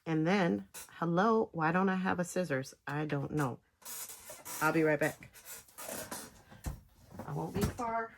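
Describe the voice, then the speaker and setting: A woman walks a beginner through knitting, step by step, in a casual tutorial. She speaks slowly and her voice is a little low. Her phrasing is halting, with pauses between short chunks, and her tone has a gravelly edge. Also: noisy background. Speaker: knitting instructor.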